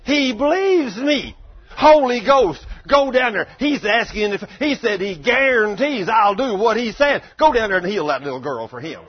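A man's voice: high-pitched, sing-song, moderate pace, husky, pitched above the performer's own voice, heavily acted. A preacher acting out God as a jubilant king. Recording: dull lo-fi recording.

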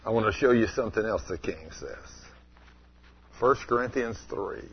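A man preaching a storytelling sermon in a folksy way, asking the congregation questions and rising to loud exclamations. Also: on the low side, lively intonation, moderate pace, breathy edge, highs cut off.

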